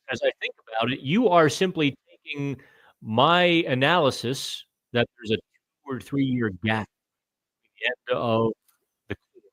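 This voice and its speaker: A middle-aged man hosting a live hockey chat, answering viewer comments in a loose, thinking-out-loud way and stumbling over names now and then. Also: medium pitch, no room sound. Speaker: hockey podcast host.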